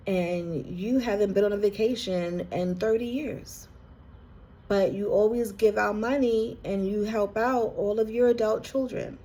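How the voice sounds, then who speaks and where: A woman with a medium-pitched, dark-toned voice, an intuitive card reader, gives an earnest collective reading aimed straight at the viewer. She is emotional throughout and at times close to tears.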